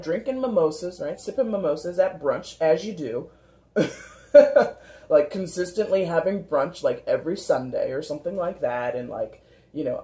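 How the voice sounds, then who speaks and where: A woman giving a casual, chatty tarot reading, animated and given to mimicking people in little put-on voices. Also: low voice, reverberant. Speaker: tarot reader.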